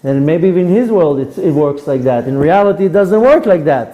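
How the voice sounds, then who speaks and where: A man's voice: fairly high pitch, animated, a little fast, lo-fi sound. A male rabbi giving a Torah class in a playful, conversational way.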